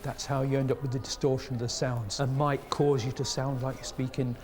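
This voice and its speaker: A man's voice: mid-range voice, flat delivery, fairly quick, a crowd in the background. A man speaking as an expert in an interview, explaining things plainly with a few small restarts. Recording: interview with background music.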